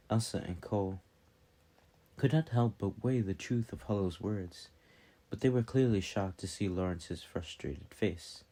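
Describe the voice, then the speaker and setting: A man narrating a fantasy novel as an audiobook, reading calmly and steadily. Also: deep voice, unhurried.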